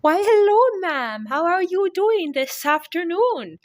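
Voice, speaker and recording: A woman voicing a chirpy female dental surgeon with a heavy foreign accent, high and sing-song. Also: expressive, moderate pace, pushed and bright, no room sound. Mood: sweet.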